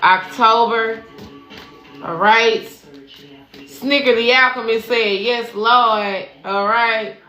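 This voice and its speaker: A woman's voice: a little high, steady tone, slow, sharp tone. A woman spiritual coach giving a casual, profane livestream tarot reading, preaching and calling her listeners baby. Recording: echoey room with faint music.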